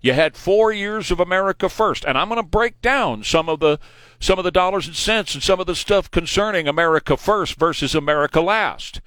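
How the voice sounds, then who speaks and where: In a radio studio, a Texan man in his forties hosts a political talk show, speaking emphatically and with strong opinions, repeating his points for emphasis. His voice sits high, with lively intonation, a fairly quick pace, and a fairly bright tone. Captured on a studio microphone, there is no echo.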